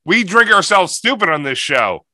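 A man co-hosting a podcast, joking casually and reading out quick plugs. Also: high voice, big pitch swings, pushed and bright. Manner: joking, then brisk sign-off plugs. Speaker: podcast co-host. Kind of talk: casual chat.

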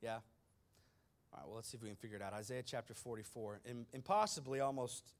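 A male preacher giving an animated, conversational sermon with slangy asides. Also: mid-range voice, a little fast.

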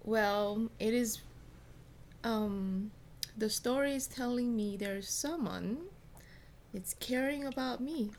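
A woman speaks slowly and hesitantly, with many pauses. Her voice sits a little high. She is heard from a distance, over faint background noise. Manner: hesitant, soft-spoken listener.

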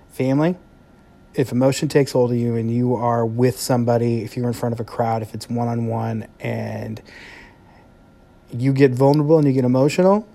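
A man hosting a solo podcast, talking in an earnest, heartfelt way with pauses. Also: medium pitch, creaky, warm tone. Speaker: podcast host and speaker. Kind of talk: reflective solo podcast monologue.

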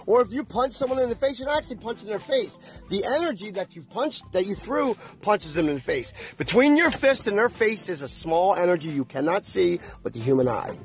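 Male vlogger, high and very animated voice, preachy and repetitive, soft music bed. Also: brisk. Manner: emphatic, repetitive, preachy, asks the audience questions. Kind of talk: casual monologue to camera.

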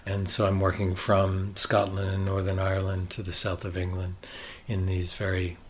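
An older man with a Boston American accent, a consultant guest talking in a relaxed, reflective and halting way. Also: sits low, a little hiss or hum. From United States. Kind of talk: conversational interview.

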